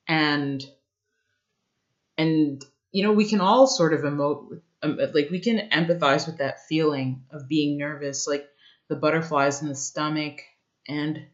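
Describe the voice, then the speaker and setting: Slow, earnest young woman vlogger. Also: low voice. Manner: earnest, reflective, searching for words. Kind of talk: personal storytelling. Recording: dull lo-fi sound.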